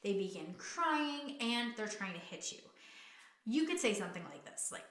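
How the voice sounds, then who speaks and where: Young woman coaching parents, talking gently and earnestly straight to camera. Bright, ringing voice in a reverberant room. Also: mid-range voice, lively intonation, normal speed. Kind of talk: direct-to-camera parenting advice.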